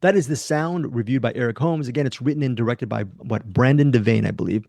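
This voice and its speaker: A man hosting a casual film review podcast in a deliberately lively, animated way. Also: vocal fry, no echo. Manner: animated, self-described high lively voice. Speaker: podcast host.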